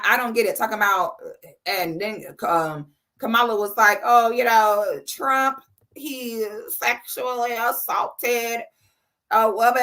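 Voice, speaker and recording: This livestream host, a woman in her 30s, vents in a casual commentary rant, blunt and sassy with plenty of profanity. She speaks in a mid-range voice with a sharp edge.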